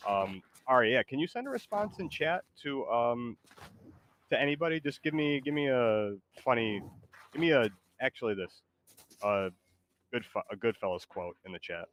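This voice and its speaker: A man's voice: mid-range voice, animated, moderate pace, a bit bright, slight background noise. A man streaming, talking casually and coaxing his AI co-host in a rambling way. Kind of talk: casual live-stream talk.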